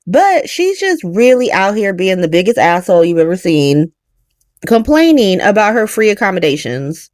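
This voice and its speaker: A woman's voice: mid-range voice, big pitch swings, moderate pace, no room sound. Brief: a woman host with a slangy, profane recap style and a dry, close sound. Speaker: soap opera recap host. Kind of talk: casual recap monologue.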